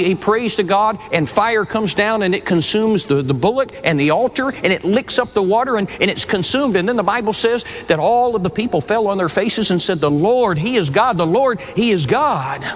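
A man's voice: sits high, a bit bright, in a large hall, a little hiss or hum. A man preaching a sermon, retelling a scripture story in an earnest way and often repeating words as he starts a phrase.

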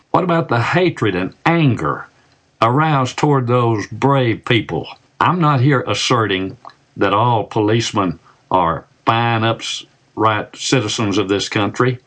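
An older man delivering a scripted opinion commentary, asking rhetorical questions and stressing words slowly and deliberately. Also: medium pitch, fairly bright tone.

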